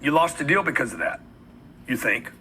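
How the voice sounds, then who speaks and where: A man's voice: mid-range voice, expressive, normal speed, sharp tone, husky, poor audio. A man giving a blunt, emphatic motivational talk on sales, acting out the voices of customers and salespeople as he goes. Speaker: sales trainer.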